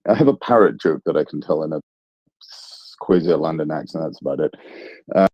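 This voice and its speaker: A man with a very low voice talks through current events on a live online audio panel, halting and rambling with self-deprecating asides. The sound is dry and close but muffled, like a streamed call. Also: lively intonation, no echo. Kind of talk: casual analytical discussion.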